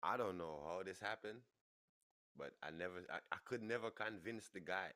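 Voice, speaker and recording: New york dude on his podcast, deep but bright voice, laughing thru a crazy story, dry mic. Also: normal speed, dry recording. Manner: laughs through the story, voice jumps high for quoted people. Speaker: podcast host. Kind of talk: animated storytelling.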